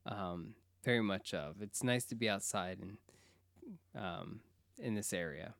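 A young man talks through a show recap in an easy, rambling way, full of fillers and bursts of enthusiasm. His voice is smooth and resonant. The sound is close and dry, with no room around it. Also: on the low side, unhurried, a bit bright, no echo. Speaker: podcast co-host. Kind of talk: casual TV recap chat.

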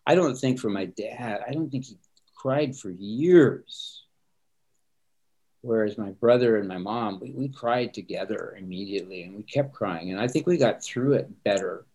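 A man's voice: fairly low pitch, normal speed, dark tone, husky. An older man, a pastor, talking earnestly and openly about feeling, with an easy laugh in a candid interview.

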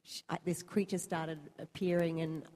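A woman's voice: low voice, moderate pace. Laughing woman on a reverberant panel stage. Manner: chatty, laughs often, animated storytelling. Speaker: convention panel guest actor. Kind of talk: convention panel Q&A answers. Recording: long hall reverb.

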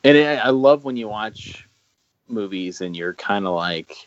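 A man's voice: on the low side, expressive, a little slow, no room sound. A man chatting casually on a podcast about films, rambling and enthusiastic, often restarting his sentences. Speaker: podcast co-host. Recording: dull lo-fi sound.

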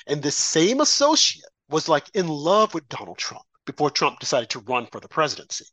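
A man's voice: on the high side, very animated, normal speed, sharp tone, no echo. A middle-aged American man hosting a political talk show, delivering an emphatic, repetitive, preachy monologue. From United States. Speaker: host.

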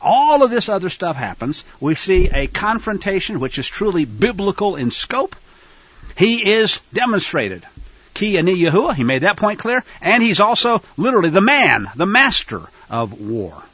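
A man teaching scripture to a fellowship, animated and acting out quoted lines. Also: high-pitched, normal speed, husky, no echo, highs cut off.

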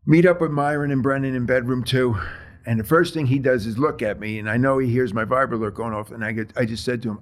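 A middle-aged man, a firefighter, telling the story of a fire in an interview in a plain, measured way with many fillers. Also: mid-range voice.

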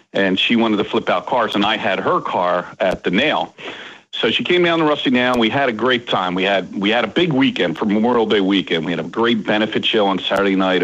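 A man in his forties, a dive bar owner and guest, telling stories in casual podcast chat, animated and acting out his kids. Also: low-pitched, dull audio.

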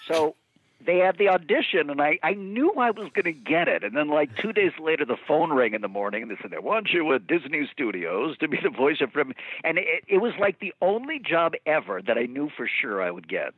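Male voice actor, animated storyteller, heard over a thin, dry telephone line. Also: on the high side, brisk, husky, no room sound. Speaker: voice actor guest. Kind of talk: phone interview storytelling. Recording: dry tinny phone line.

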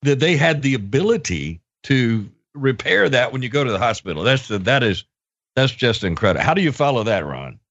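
A man co-hosting a podcast in casual chat, reacting with amazement and asking halting questions. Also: medium pitch, big pitch swings, fairly bright tone, dry recording. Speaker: podcast co-host. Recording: dry, dull lo-fi sound.

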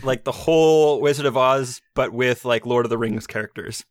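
A man's voice: mid-range voice, normal speed, no echo, studio quality. A man co-hosting a podcast, chatting casually through an improv game and laughing often. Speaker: podcast co-host.

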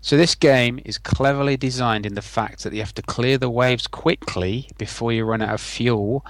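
A man's voice: mid-range voice, fairly even intonation, normal speed, dry recording. A man co-hosting a podcast, explaining game mechanics in a casual, detailed way. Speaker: podcast co-host. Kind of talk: casual chat.

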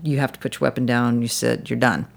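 A guest on a podcast tells a story in an easy, conversational way. The voice sits at a middle pitch. The delivery rambles, with frequent restarts and fillers. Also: flat delivery, fast talker, vocal fry. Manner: rambling, many restarts and "you know"s. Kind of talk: casual storytelling interview.

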